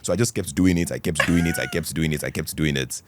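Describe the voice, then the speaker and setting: A young Nigerian man with a Nigerian accent, a podcast guest telling stories in a playful, animated way and laughing often. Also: rumbling low, quick pace, background noise. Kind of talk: casual storytelling chat.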